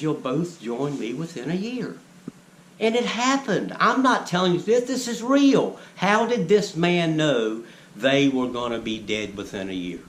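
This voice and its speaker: A man lectures his viewers in a fairly high voice, scolding them and asking question after question. He talks in an echoey room with a faint hum of ambient noise behind him. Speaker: vlogger. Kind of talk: preachy monologue to camera.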